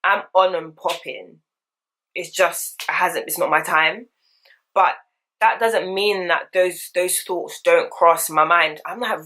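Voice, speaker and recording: Young woman, deep-set voice, candid slangy vlogger chat. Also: slow. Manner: candid, slangy, animated storytelling. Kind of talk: casual get-ready-with-me chat.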